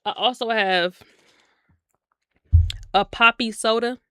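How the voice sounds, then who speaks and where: A woman in her twenties chats casually on stream, telling stories full of slang. Her voice jumps up in pitch when she gets animated. It sounds bright and sharp, and it is recorded close and dry. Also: slow, clean tone, no room sound. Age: 20s. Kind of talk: casual storytelling chat on stream.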